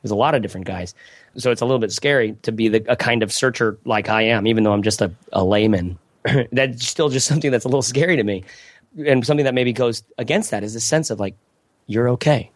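A man's voice: mid-range voice, fast, dry recording. A man speaking as a podcast guest in casual conversation, rambling and reflective with many restarts and asides.

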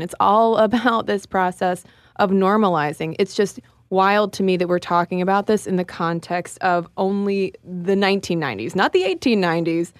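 A woman's voice: mid-range voice, no room sound. Chatty woman co-host, casual podcast delivery, dead-dry studio sound. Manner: chatty, laughs while talking.

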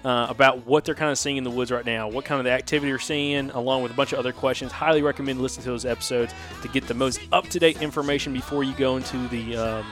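A man's voice: medium pitch, fast talker, hardly any pauses, soft background music. A man with a Southern US accent co-hosting a hunting podcast, chatting casually and reading plugs. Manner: relaxed, plugs and outro delivered casually. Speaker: podcast co-host.

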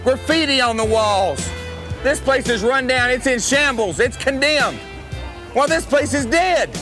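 A man's voice: extremely high pitch, animated, a little slow, voice pushed up. A man playing a cocky, boastful country singer wrestling villain in a promo clip, bragging and spelling out his own name. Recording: archive clip with music bed.

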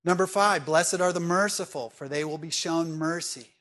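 A man delivering a sermon with a slightly higher than usual voice. He talks to his congregation conversationally, pressing them with direct questions. His delivery swings between emphatic and hushed. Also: normal speed. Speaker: pastor.

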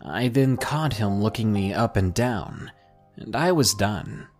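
Male horror narrator, low and very expressive, soft music bed underneath. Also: takes it slowly. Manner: dramatic, expressive storytelling. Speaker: podcast narrator. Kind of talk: scripted horror story narration.

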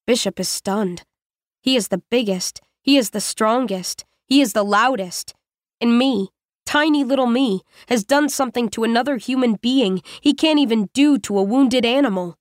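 A woman narrating an audiobook in the first person, in a measured, even voice with short, plain sentences. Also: a little high, dry recording, clean studio sound.

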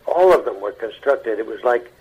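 An older male actor tells his stories as a radio guest, his voice husky and his delivery halting, with words often repeated. The broadcast sound is dull and lo-fi. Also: mid-range voice, lively intonation, darkish tone. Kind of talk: anecdotal interview talk.

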